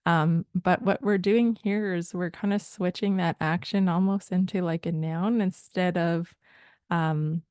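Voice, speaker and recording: Soft-pitched woman explaining thoughtfully. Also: fairly even intonation, unhurried, smooth, no room sound. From Rama First Nation, Ontario, Canada. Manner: thoughtful, hesitant, searching for words. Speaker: language teacher. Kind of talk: explaining language lessons.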